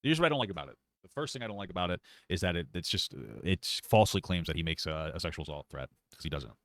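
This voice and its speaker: A man's voice: low-pitched, very animated, rapid-fire, a bit bright, no room sound. A man hosting a casual reaction podcast, arguing his point bluntly and swearing.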